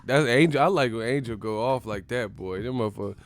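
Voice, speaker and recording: A man hosting a boxing channel in casual, playful banter full of slang, often breaking into loud yelled movie catchphrases. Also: medium pitch, fast talker, slight background noise.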